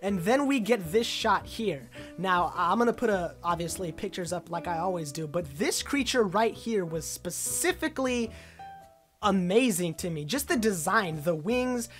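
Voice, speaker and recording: A woman giving casual, excited commentary on a video game trailer, rambling with lots of uh and like fillers. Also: fairly low pitch, normal speed, faint music behind.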